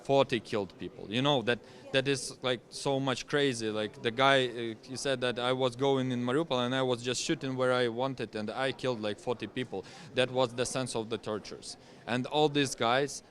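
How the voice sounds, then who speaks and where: A man from Ukraine with a Ukrainian accent, speaking English haltingly with many pauses and restarts as an interview guest. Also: mid-range voice, a bit bright. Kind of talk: conversational interview.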